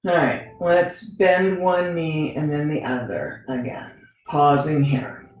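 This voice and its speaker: A woman teaching a gentle yoga class, talking the students through each pose in a relaxed, conversational way and often checking in with "right?". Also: low voice, takes it slowly, a little hiss or hum. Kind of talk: guided yoga instruction. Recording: very echoey room with faint music.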